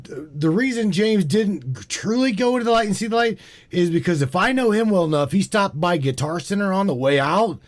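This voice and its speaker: A man hosting a call-in show, chatting casually, slangy and quick to laugh. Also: high-pitched, animated. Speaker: show host.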